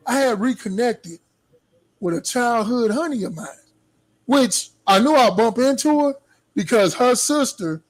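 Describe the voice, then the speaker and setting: A man's voice: high voice, low-quality recording. Laid-back man telling a story. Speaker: podcast co-host. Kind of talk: casual podcast storytelling.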